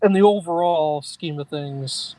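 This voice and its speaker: A man's voice: on the high side, measured pace, mellow, rough recording. A middle-aged man co-hosting a podcast in casual chat, chatty and laughing often. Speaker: podcast co-host.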